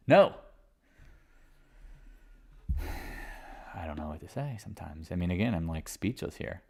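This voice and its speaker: A man's voice: low voice, expressive, a little slow, vocal fry, pauses often, a little mellow. A man in his forties from North Carolina hosting a casual live market chat, blunt and swearing, often trailing off and restarting. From Raleigh, North Carolina.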